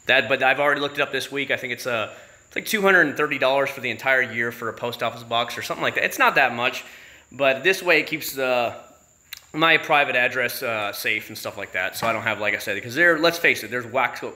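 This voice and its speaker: A man from Florida hosts a casual livestream, spinning long stories with a bright, forceful edge to his voice. He is chatty and profane, with exasperated asides, and his pitch sits in a middle range for a man. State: married. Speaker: YouTube channel host.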